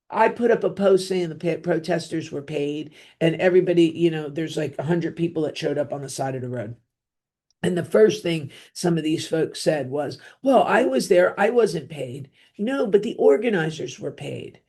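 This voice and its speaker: A middle-aged woman with a New Jersey accent delivers an opinionated solo podcast monologue. Her voice is mellow and warm, and her tone is blunt and rambling, full of fillers and throwaway asides. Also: low voice, expressive, moderate pace. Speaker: podcast host.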